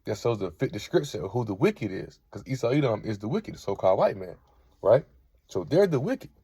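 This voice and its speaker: A man's voice: on the low side, sing-song, a little fast, dark tone, husky, dry recording. A man giving an informal scripture lesson, reading verses aloud and checking in with "right?" after most points. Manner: peppers talk with "right?", reads verses aloud. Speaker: Bible teacher.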